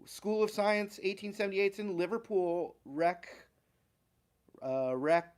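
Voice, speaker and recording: With a high-pitched yet darkish voice, a man who teaches guitar runs a laid-back livestream. He calls out viewers' names at an unhurried pace, chatting and chuckling in between.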